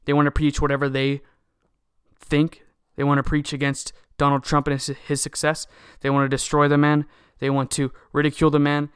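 A man's voice: a little high, completely flat delivery, a little fast, fairly bright tone, clean tone, no room sound, clean studio sound. Heated man ranting on a podcast. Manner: heated, indignant, repetitive ranting. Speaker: podcast host. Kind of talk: political commentary monologue.

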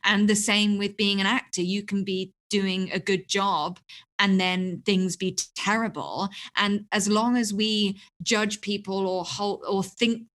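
A woman's voice: medium pitch, steady tone, unhurried, fairly bright tone. A woman co-hosting a podcast, reasoning points through in casual chat. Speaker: podcast co-host.

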